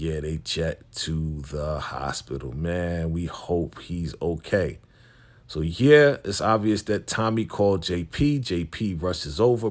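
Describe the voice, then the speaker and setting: A man with a deep, low voice talks through a TV episode in a loose, casual recap. He uses street slang and acts out the characters' lines as he goes. He calls his viewers family. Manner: street slang, retells scenes with quoted lines. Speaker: YouTube TV recap host.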